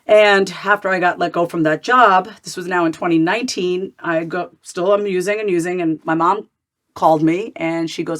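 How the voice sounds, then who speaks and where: A woman's voice: on the low side, steady tone, moderate pace, a bit bright. A woman, a therapist telling her story candidly in a podcast interview and acting out her past thoughts in quotes. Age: 30s. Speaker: guest, therapist and coach.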